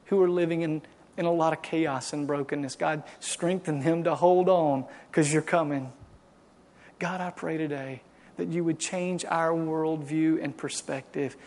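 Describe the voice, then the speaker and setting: A male pastor preaching to a congregation and leading a prayer, swinging from loud impassioned exhortation to quiet, hushed pleading. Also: on the high side. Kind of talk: sermon and closing prayer. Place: church service.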